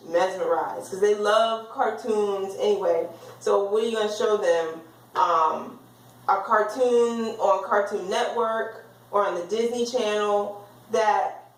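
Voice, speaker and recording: Female teacher, explanatory lecture delivery, recorded far off in a roomy space. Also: mid-range voice. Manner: explanatory, sounds words out slowly.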